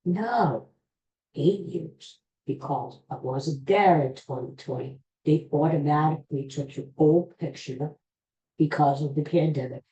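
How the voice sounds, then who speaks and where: A man's voice: a little high, unhurried, mellow. A middle-aged man hosting a podcast, telling a rambling, self-deprecating story in a casual monologue. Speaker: podcast host. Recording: roomy echo.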